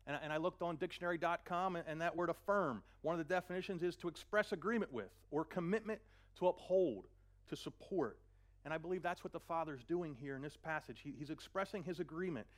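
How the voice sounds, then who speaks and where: A man preaching a sermon, earnest, often repeating a word as he gathers his thoughts. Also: fairly high pitch. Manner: earnest, repeats words while searching, slows for scripture. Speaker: pastor.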